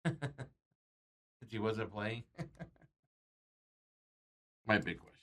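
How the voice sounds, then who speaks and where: A man's voice: lowish voice, expressive, extremely slow, pushed and bright. Rambling, chuckling male sports talk host. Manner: rambling, chuckles often, reads out viewer comments. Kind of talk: casual sports betting chat.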